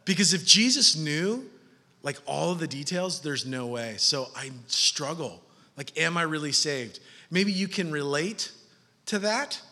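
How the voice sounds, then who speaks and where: A man in his thirties preaches a sermon with an animated delivery. He drops soft and low, then climbs loud and high. His voice is bright and slightly raised in pitch, carried by a long hall reverb. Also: unhurried. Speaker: pastor.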